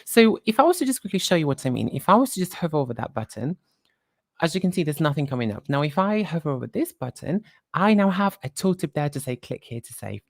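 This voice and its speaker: A woman presenting a live software tutorial, talking while she clicks through screens and quickly corrects her own slips. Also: sits low, big pitch swings, no echo, clean studio sound.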